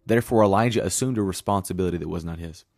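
A man's voice: sits low, very fast, darkish tone, no echo, clean studio sound. A man preaching a sermon in an earnest, conversational way, reading scripture aloud as he goes.

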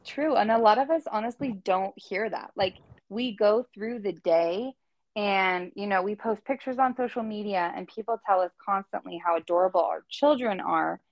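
A woman's voice: medium pitch, normal speed, no room sound, dull audio. A woman hosting a podcast, answering her guest with many short, supportive affirmations. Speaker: podcast host. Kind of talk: casual interview chat.

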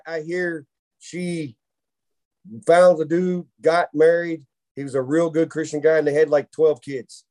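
Guy on a podcast, kinda high voice, telling a funny story and cracking himself up. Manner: animated storyteller who laughs through his own tale. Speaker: podcast co-host. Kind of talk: casual storytelling chat.

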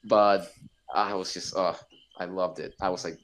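Podcast guest, male, lowish pitch, animated and profane. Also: unhurried, rough recording. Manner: excited, swearing, acts out his own reactions. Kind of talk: casual podcast chat.

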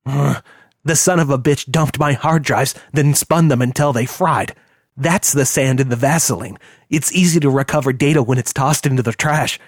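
A man's voice: medium pitch, no echo, clean studio sound, close to an everyday voice. A man voicing a volatile, heavyset male hacker who hisses and rants in bitter, profane outbursts. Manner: hissing, ranting, drawn-out bitter outbursts.

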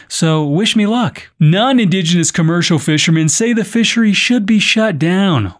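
Man, podcast news host; clear reads, playful wry quips, voice a touch high. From North America. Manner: playful, wry comments between read stories. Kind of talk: news reading with joking asides.

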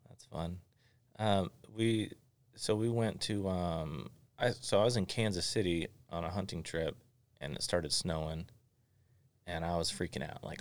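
A man in his forties from Florida hosting a casual chat, telling stories in an animated, joking way. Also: low-pitched, unhurried, no echo. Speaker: podcast host.

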